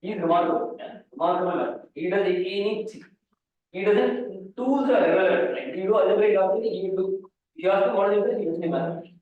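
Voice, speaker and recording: A man's voice: high voice, fast. A man giving a mathematics lecture at a conference, rambling with restarts and asides to the students. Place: lecture hall. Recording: echoey hall, far mic, phone-like band.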